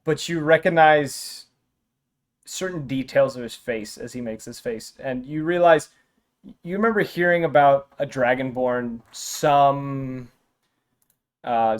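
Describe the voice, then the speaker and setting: A man's voice: mid-range voice, a little slow. A man narrating as dungeon master in a tabletop role-playing game, describing characters with frequent fillers.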